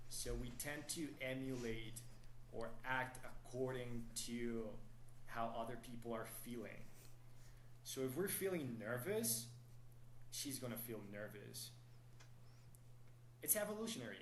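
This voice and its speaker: A man's voice: medium pitch, a little slow, long pauses, slight background noise. Man explaining in an echoey room. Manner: explanatory, steady, asks "right?" often. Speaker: dating coach. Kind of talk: podcast interview, explaining.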